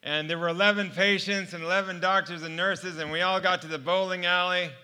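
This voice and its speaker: Bright, high-voiced man telling his story. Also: fairly even intonation, brisk, clean tone. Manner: storytelling, laughing often, earnest. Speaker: speaker sharing his testimony. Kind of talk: personal faith testimony.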